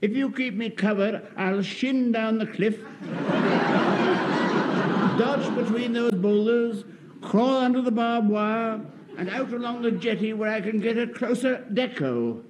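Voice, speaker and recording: A very old, gentle private. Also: male voice, high voice, unhurried. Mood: eager. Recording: hissy old radio recording.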